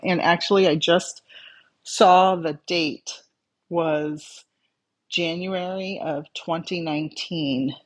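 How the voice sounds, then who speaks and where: A medium in a casual livestream chat, calmly reading out viewer comments and answering with advice. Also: medium pitch, breathy edge. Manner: calm, conversational, reads out viewer comments and replies.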